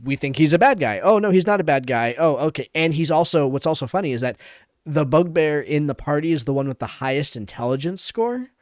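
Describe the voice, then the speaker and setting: A man's voice: a little high, expressive, fairly quick, no echo, studio quality. A man who runs tabletop games, talking enthusiastically on a podcast with lots of "like" and restarts. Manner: enthusiastic, many fillers and restarts. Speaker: game master and podcast panelist. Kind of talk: casual podcast chat.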